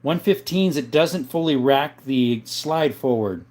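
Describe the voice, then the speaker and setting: A man from southern Arizona hosting a livestream, reading viewer questions aloud and answering them in a relaxed, chatty way. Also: medium pitch, unhurried. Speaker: livestream host answering chat. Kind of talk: casual live-chat talk.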